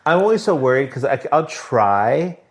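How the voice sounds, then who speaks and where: A man's voice: medium pitch, very animated, moderate pace. A man co-hosting a casual podcast chat, joking playfully and laughing often. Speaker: podcast co-host. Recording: roomy echo.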